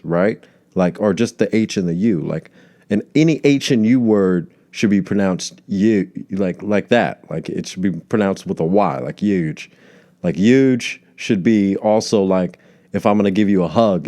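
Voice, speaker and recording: A man's voice: fairly low pitch, darkish tone. A male comedian hosting a solo podcast, rambling from tangent to tangent and swearing casually.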